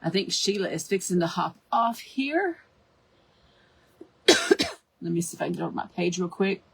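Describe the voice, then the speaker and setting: A hoarse middle-aged woman hosts a live craft tutorial, chatting and greeting viewers by name. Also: on the low side, very animated, normal speed, a little hiss or hum. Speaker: craft show host.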